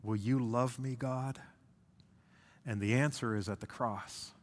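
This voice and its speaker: A male pastor preaching a sermon, swinging between intense and hushed delivery, with slow drawn-out phrases. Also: mid-range voice, steady tone. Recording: long hall reverb.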